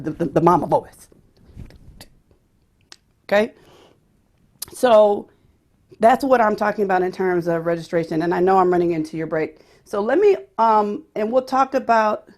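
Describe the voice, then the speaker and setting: A woman's voice: mid-range voice, a little mellow. Woman teaching singing, demonstrating voices. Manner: explanatory, demonstrates voices as she talks. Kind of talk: teaching a vocal pedagogy workshop.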